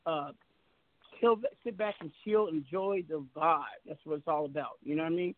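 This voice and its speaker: A man's voice: a little high, normal speed, heavy background noise. A middle-aged man hosting a call-in radio show, rambling and restarting his words as he chats casually. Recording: tinny phone-line sound.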